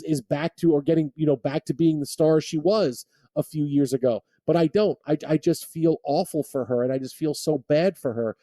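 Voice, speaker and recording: A man's voice: a little high, dark tone, no room sound, studio quality. A man hosting sports talk radio, rambling and often restarting his sentences. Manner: rambling, repeats words when restarting thoughts.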